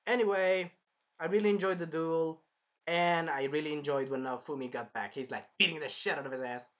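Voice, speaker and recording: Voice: mid-range voice, brisk, highs cut off. A person giving a casual, rambling spoken review of an anime episode, swearing freely and drifting off topic. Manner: rambling, profane, jumps into loud impressions of characters.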